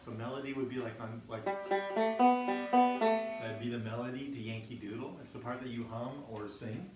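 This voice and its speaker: A man's voice: medium pitch, moderate pace, far from the mic. A man teaching a children's music class, explaining things simply with a friendly manner and many restarts. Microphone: single microphone near his instrument. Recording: echoey room, instrument music loud behind.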